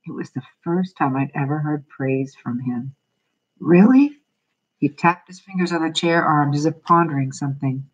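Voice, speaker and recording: A woman reading a children's novel aloud as a storyteller, in steady, plain narration. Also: sits low, moderate pace, few pauses, highs cut off.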